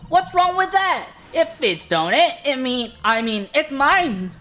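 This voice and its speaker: A woman voicing a brash young street girl with a put-on Cockney accent, loud and indignant. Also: high voice, big pitch swings, measured pace, soft background music, full character voice. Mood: defiant.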